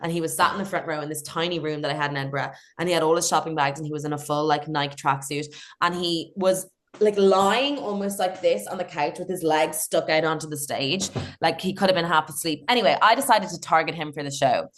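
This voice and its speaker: A woman's voice: low voice, a little fast. Chatty woman telling comedy stories. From Ireland. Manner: chatty, laughs often, swears casually. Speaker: comedian guest. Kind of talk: casual podcast storytelling.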